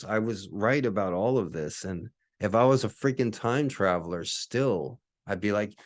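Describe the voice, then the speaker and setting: A man's voice: on the low side, moderate pace, hardly any pauses, no room sound, studio quality. A man hosting a casual solo podcast from his apartment, rambling and swearing, with lots of fillers and restarts. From Hawaii. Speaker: podcast host.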